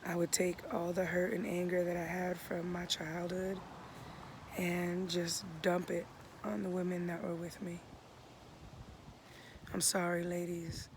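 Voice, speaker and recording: Slow gravelly man, laid-back vlog. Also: high voice, monotone. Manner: laid-back, drifting into soft half-whispers. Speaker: vlogger. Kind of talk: casual reflective vlog. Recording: noisy outdoor recording.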